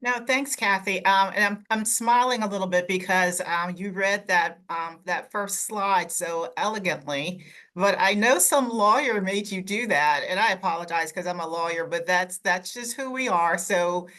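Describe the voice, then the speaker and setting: A woman lawyer introducing herself in a webinar in a relaxed, good-humored way. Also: mid-range voice, normal speed. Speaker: lawyer, advisory council member. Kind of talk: casual self-introduction.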